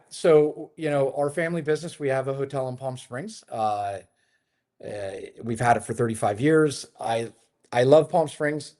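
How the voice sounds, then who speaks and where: Guy w/ a middle-pitched voice chatting on a remote interview, rambly, lots of ums and restarts. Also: darkish tone. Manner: chatty storyteller, many fillers and restarts. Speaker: hotel developer, interview guest. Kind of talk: casual conversational interview. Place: his home in Lisbon.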